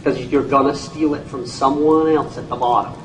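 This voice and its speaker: A man giving a lively, jokey sales presentation at a whiteboard, making his points through stories. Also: mid-range voice, moderate pace, background noise. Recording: echoey room, mic far off, faint ambience.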